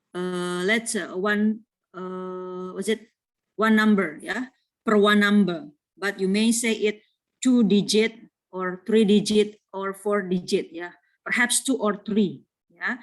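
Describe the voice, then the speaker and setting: Slow, hesitant Indonesian woman teaching. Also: mid-range voice, fairly even intonation. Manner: hesitant, many fillers, slow. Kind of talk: classroom lesson explanation.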